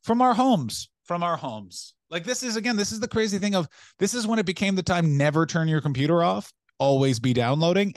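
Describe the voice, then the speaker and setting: A young adult man co-hosting a podcast, riffing in animated, profane rants during casual comedic chat. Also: medium pitch, no echo, studio quality. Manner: animated, profane ranting with rapid riffs. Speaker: podcast co-host.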